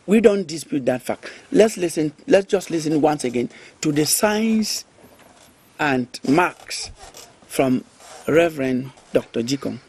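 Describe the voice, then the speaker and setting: A man's voice: a little high, gravelly, slightly rough. A man hosting a panel debate, pressing guests with questions and insisting on taking turns. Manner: pressing, questioning, asks for calm turn-taking. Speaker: talk show host.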